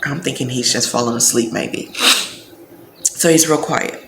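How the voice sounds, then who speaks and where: Brief: low-pitched woman, animated storyteller, roomy sound with music behind. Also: normal speed, slight background noise. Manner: animated, slangy, acts out quotes. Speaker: vlogger. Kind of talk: casual storytelling.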